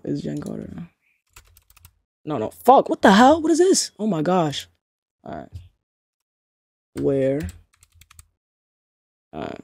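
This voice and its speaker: A woman's voice: rumbling low, vocal fry, darkish tone, husky, no room sound. A young woman chatting casually to her livestream chat, slangy and swearing, often laughing in disbelief. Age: young adult. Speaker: streamer.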